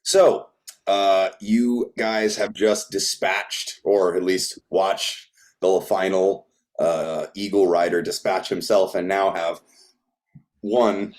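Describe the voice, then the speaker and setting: A man narrates a tabletop role-playing game as game master. His voice is very low and his delivery relaxed and halting. He often pauses to search for words. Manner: relaxed, many fillers and restarts.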